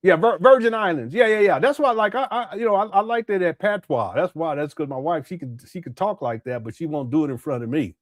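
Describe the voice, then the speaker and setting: A man with a fairly high, lively voice that jumps around a lot as he reacts to a clip. He talks in a casual, mocking way, full of quick asides. The sound is dry and close, with no room in it. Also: no room sound. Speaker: livestream commentator. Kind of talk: casual live commentary.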